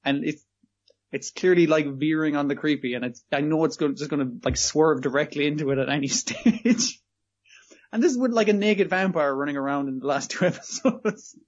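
A man's voice: on the high side, animated, brisk. A man in casual podcast chat, sweary and exasperated, acting out quotes as he retells an anime. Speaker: podcast co-host. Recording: dull lo-fi audio.

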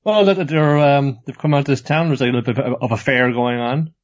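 A man's voice: medium pitch, fast. Man rambling through an anime recap. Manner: rambling recap full of acted voices. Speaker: podcast co-host. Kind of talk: casual anime review chat. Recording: dull lo-fi recording.

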